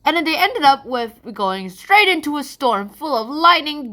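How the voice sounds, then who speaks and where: A woman's voice: high-pitched, normal speed, hardly any pauses. A woman giving a playful, casual history lesson, joking and adding sound effects. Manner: animated, jokey, adds sound effects. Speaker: history explainer.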